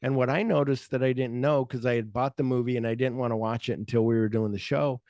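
A man's voice: mid-range voice, steady tone, fast talker, darkish tone, dry recording. Guy hosting a movie podcast, rambly, lots of "like" and "you know", dry close mic. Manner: rambling, loose, heavy on fillers. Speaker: podcast host. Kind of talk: casual film chat.

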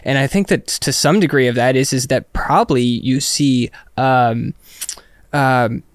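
A man's voice: mid-range voice, measured pace, no echo, clean studio sound. A man hosting an interview show who asks rambling, hesitant questions, full of stammered restarts, with joking asides. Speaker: host. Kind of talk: casual interview conversation.

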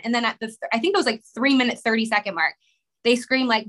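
A woman in her thirties with a high, bright, forceful voice rushes through an emotional personal story as a guest in a conversation. She rambles, restarts and leans on "like" constantly. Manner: rushed, rambling, many "like" fillers. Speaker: podcast guest, mother.

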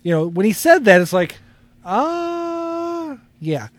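High-voiced rambling podcast co-host man. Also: very animated, takes it slowly, dry recording. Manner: rambling, laughs often, drifts into loose anecdotes. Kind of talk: casual podcast chat.

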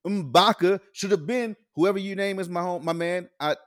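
A man's voice: sits high, moderate pace, a bit bright, no room sound, studio quality. A man co-hosting a podcast, speaking bluntly with lots of profanity in casual chat. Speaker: podcast co-host.

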